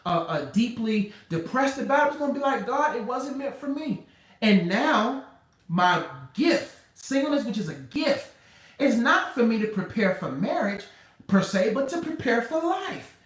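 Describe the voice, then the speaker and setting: A man's voice: extremely high pitch, very animated, a little fast, fairly bright tone, far from the mic. A man who is a relationship coach, giving motivational advice in an emphatic, preacher-like, conversational way and repeating key phrases. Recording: roomy sound, speaker away from the mic.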